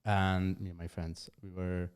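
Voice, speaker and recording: A man's voice: deep voice, level tone, measured pace, a little mellow, clear, resonant tone. A man hosting a podcast who talks casually and hesitantly, with lots of "um" and frequent laughter. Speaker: podcast host.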